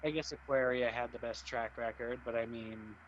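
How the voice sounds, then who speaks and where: A man's voice: mid-range voice, steady tone, normal speed, a bit bright, a little hiss or hum. Chatty young man, slightly muffled mic. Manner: chatty, rambling, opinionated. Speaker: co-streamer. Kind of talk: casual chat.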